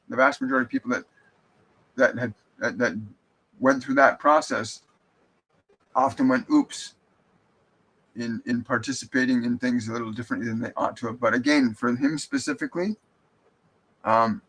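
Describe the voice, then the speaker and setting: A man's voice: mid-range voice, bright, forceful tone, low-quality recording. A man hosting a live stream as a spiritual medium. He reads viewer comments aloud and answers them in an earnest, reassuring way, often restarting his sentences.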